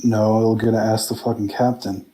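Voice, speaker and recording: A man's voice: on the low side, flat delivery, moderate pace, warm tone. A man playing a tabletop game, talking in a casual, blunt way with fillers. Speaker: player.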